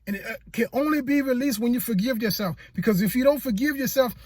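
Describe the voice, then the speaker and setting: This man's voice is very high and a little mellow, and he talks fast with no room sound around him. He's a motivational speaker recounting his own testimony to camera, earnestly repeating himself and stammering when he becomes emotional.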